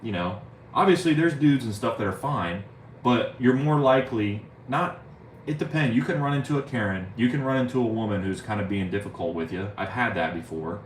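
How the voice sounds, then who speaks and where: A young man with a lowish voice talks briskly on a live stream, rambling, swearing, saying "bro" a lot and reading viewer chat aloud. The recording sounds roomy, with faint ambient noise.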